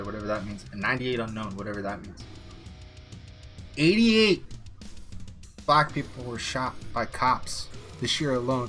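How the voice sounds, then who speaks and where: A man's voice: mid-range voice, a bit bright. A young American man ranting profanely on a political commentary stream. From United States.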